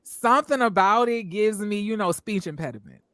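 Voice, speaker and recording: A man hosting a casual review show, talking in an animated, emphatic way and acting out what people on the show said. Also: high voice, moderate pace, no echo, clean studio sound. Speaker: show host reviewing reality TV. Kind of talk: casual commentary.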